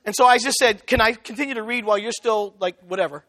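A man's voice: high-pitched, quick pace. A man preaching a sermon, telling a story and acting out both sides of the conversation. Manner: animated, acts out both sides of a dialogue.

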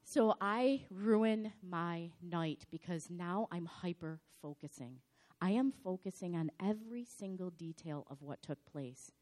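A slightly hoarse woman pastor giving a sermon in a dramatic, animated storytelling manner. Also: fairly low pitch, a little slow.

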